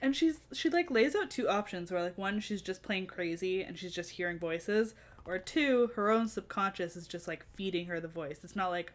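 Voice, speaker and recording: A woman's voice: medium pitch, normal speed. A young woman co-hosting a casual book chat, wry, acting out the characters' lines. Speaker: podcast co-host.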